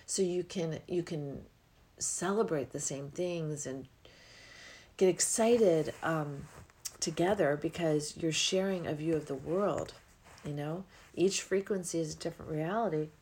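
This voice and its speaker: A woman's voice: deep voice, unhurried, a little mellow, a little hiss or hum. A middle-aged woman hosting a podcast, talking in a reflective, rambling way with sighs and yawns. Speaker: podcast host. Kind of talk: casual spiritual podcast monologue.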